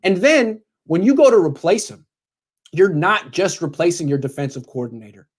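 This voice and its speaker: A man's voice: high voice, expressive, normal speed, slightly rough. A man who is a sports commentator, bluntly lecturing a coach as if in a meeting, confrontational and direct.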